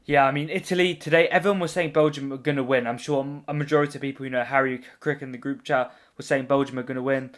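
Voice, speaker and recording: A man's voice: medium pitch, steady tone, fast, hardly any pauses, a bit bright. A man hosting a casual football podcast, joking and rambling as he leads the chat. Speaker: podcast host.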